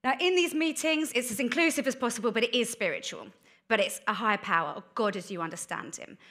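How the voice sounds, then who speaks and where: A woman giving a candid sermon about her life, told as a chatty story with quick asides. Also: fairly high pitch, pushed and bright. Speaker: guest speaker. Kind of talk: testimony sermon.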